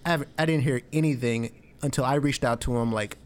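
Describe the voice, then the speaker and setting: A man talking in a relaxed, rambling way in casual conversation, full of "I mean" and "you know.". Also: medium pitch, fast. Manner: laid-back, rambling, many fillers like "I mean" and "you know".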